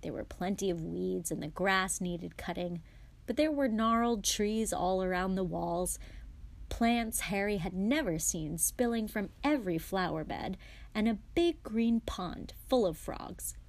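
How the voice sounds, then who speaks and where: A woman guest reader narrating a novel aloud in a steady storytelling way. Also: mid-range voice, measured pace, vocal fry.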